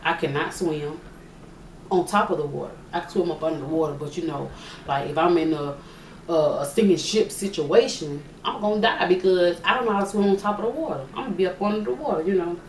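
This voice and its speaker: Chatty young woman in an echoey room. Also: fairly low pitch. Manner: chatty, joking, drawn-out thinking aloud. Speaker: vlogger answering questions. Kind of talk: casual Q&A vlog. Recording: echoey room, mic at a distance, faint hiss.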